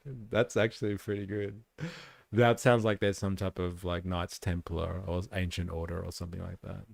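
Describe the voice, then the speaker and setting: A man rants through a casual livestream, sarcastic and quick to swear. His voice sits fairly low with a gravelly edge. The sound is dry and close. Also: flat delivery, no echo. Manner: sarcastic, profane, opinionated. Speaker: streamer and commentator.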